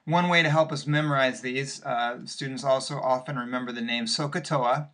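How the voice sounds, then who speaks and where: A man's voice: mid-range voice, steady tone, normal speed, fairly bright tone. A male math teacher walking patiently through worked examples in a recorded lesson, step by step with occasional fillers.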